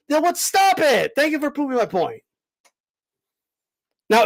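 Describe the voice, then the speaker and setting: Host, male, very high voice, emphatic and lecturing, raises his voice and drives each point home by repeating it. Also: rough recording. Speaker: boxing commentator host. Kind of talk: live-stream commentary answering chat.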